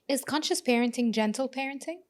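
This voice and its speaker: Woman podcast host from the Arab world, slightly high pitch, curious interviewer. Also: brisk. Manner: curious, asks short direct questions. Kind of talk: interview questions in casual chat.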